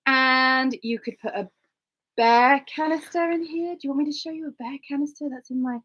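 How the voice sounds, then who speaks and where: A middle-aged woman from Cornwall, chatting casually about her hiking gear and telling lively stories. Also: moderate pace. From Cornwall, England. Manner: chatty and animated, acts out dialogue in a higher voice. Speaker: hiker and vlogger. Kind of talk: casual gear talk with storytelling. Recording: slightly dull lo-fi sound.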